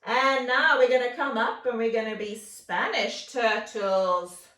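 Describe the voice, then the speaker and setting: A woman leads a children's yoga class in an unhurried, playful storytelling voice. Her voice sits a touch high, with gentle coaxing instructions. She sounds roomy and a little distant from the mic. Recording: roomy echo, mic set far off.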